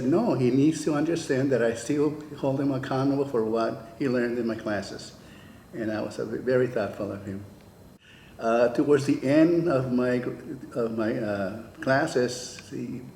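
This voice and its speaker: An older man with a gravelly, mellow voice recalls his teaching years in an unhurried oral history interview. He slips into the voices of the people in his stories as he goes. The room sounds echoey, with faint ambience behind him. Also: mid-range voice, slight background noise. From California. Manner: storytelling, acts out quoted dialogue. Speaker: retired teacher.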